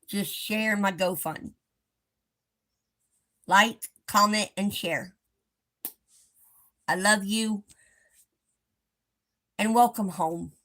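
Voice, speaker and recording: Woman, live-stream host, unhurried, soft and reassuring, mid-pitched voice. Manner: slow, gentle and reassuring. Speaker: livestream host. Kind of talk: casual live-stream talk to viewers.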